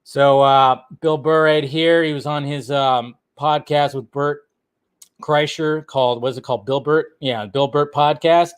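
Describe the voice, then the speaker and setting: A man's voice: on the high side, fairly even intonation, a little slow, clean tone. Swearing, laid-back movie news vlogger man. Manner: blunt and swearing, laughs often. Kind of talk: casual commentary.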